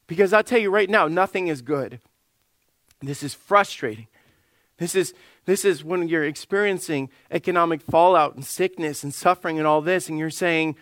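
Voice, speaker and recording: Man, pastor, animated sermon, high voice, dry recording. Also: fairly quick, dry recording. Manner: animated preaching, acts out quoted voices, frequent throat clearing. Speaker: lead pastor.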